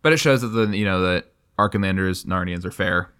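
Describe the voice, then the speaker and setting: A man's voice: low voice, fairly quick, fairly bright tone, clear, resonant tone. A man chatting enthusiastically about a book, laughing often and reading passages aloud. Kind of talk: casual book discussion.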